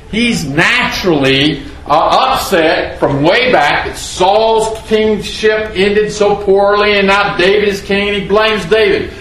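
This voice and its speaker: A man's voice: sits high, fairly bright tone, echoey room, slight background noise, low-quality recording. A man preaching a sermon, reading scripture dramatically and asking the audience rhetorical questions. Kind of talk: expository sermon.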